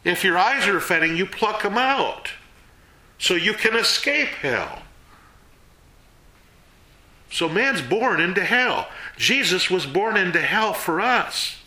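A man giving a casual sermon to a small group, folksy and animated, jumping between loud and hushed. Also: high-pitched, slow, pauses often, roomy sound. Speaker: Bible teacher.

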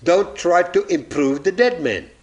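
A man's voice: sits high, lively intonation, a little slow. Guy preaching, swoops up and down a lot, acts out little stories, chuckles at his own jokes. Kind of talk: sermon.

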